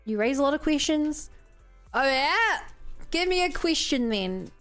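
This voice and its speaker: A woman's voice: high-pitched, animated, a little slow, fairly bright tone. Chatty young woman streamer. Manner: chatty, rambling, reacting to chat. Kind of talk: casual game stream chat. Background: game music.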